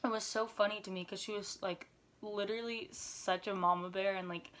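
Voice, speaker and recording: Young woman, vlogger, animated storytelling, filler-heavy, chatty, medium pitch. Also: a little fast. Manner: animated retelling, frequent "like" fillers. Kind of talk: story time vlog.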